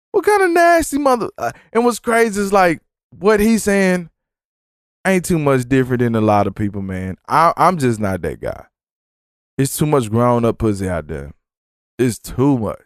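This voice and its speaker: A man hosting a podcast, telling stories in a profane, animated, rambling way. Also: fairly high pitch, measured pace, dry recording, studio quality. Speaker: podcast host. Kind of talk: casual storytelling monologue.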